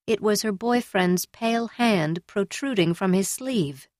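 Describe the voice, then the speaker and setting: A woman reading a novel aloud in measured, scripted narration. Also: mid-range voice, darkish tone, dry recording, clean studio sound. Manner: measured, storytelling. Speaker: audiobook narrator.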